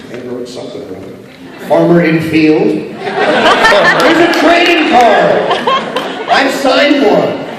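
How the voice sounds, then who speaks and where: A man from Canada joking with the audience at a convention panel Q&A and breaking now and then into shouts. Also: fairly high pitch. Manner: joking, shifts into bursts of shouting. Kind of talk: lively convention Q&A banter. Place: large convention hall. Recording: echoey convention hall, distant mic, loud crowd. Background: audience noise and cheering.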